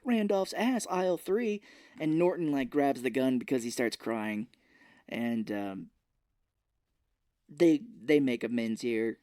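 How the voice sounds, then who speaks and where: A man's voice: mid-range voice, slow, pauses often, mellow, smooth, no echo, clean studio sound. A man co-hosting a podcast, casually retelling a film's plot in a rambling way and quoting its lines. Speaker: podcast co-host. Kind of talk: casual film recap chat.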